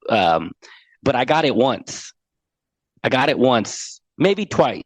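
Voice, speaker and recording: A man's voice: medium pitch, very animated, slow pace, no echo. A middle-aged man on a podcast, earnestly telling a heartfelt personal story as an anxiety coach and often repeating words as he goes.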